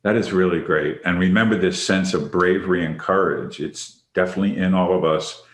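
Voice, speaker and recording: A man's voice: low voice, steady tone, brisk. A man hosting a leadership podcast, reflecting on the topic and inviting each guest in by name. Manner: reflective, affirming, asks others by name. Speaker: podcast host, leadership facilitator. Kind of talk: conversational discussion. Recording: roomy echo.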